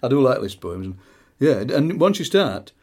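A middle-aged man with a Barnsley accent, a poet chatting in an interview and reading his poems, lively and fond of doing voices. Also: mid-range voice, normal speed. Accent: Barnsley, South Yorkshire. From South Yorkshire, England. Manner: animated storyteller, slips into quoted voices. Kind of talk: conversational interview with poetry reading.

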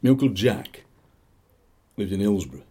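A man's voice: lowish voice, very animated, normal speed, warm tone, breathy edge. A man in his sixties with a Yorkshire accent, a poet reading and chatting in a rambling, anecdotal way with chuckling asides. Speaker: poet and radio presenter. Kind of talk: poetry reading and chat.

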